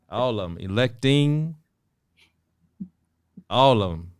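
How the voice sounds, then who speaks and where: A man's voice: medium pitch, measured pace, vocal fry, clean tone, dry recording, studio quality. A male co-host in a casual interview chat, given to playful wordplay.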